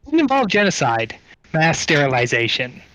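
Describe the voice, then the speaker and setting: A cheerful medic with a grim history boasts about his talents in a dry, mock-innocent tone, as a game master puts him on. The voice sits a little high and sounds close and dry, with no room around it. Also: huge pitch swings, moderate pace, pushed and bright, dry recording, exaggerated voice, poor audio. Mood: smug. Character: cheerful male field medic with a dark past.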